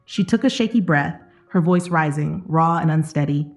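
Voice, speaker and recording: A woman narrating an emotional story in a steady, dramatic scripted reading. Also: low-pitched, moderate pace, soft background music.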